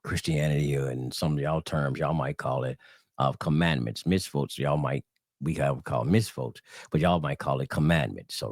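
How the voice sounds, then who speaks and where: Very deep-voiced Southern man, dry sound. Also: gravelly, a little mellow, husky, dry recording. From Southern United States. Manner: rambling, addresses viewers as y'all, many fillers and restarts. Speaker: religious channel host. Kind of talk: casual religious teaching.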